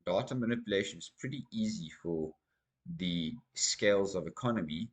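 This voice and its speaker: Rambling man, low voice. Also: moderate pace. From South Africa. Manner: energetic, rambling, addresses viewers as guys. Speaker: crypto channel host. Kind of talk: casual market commentary to camera.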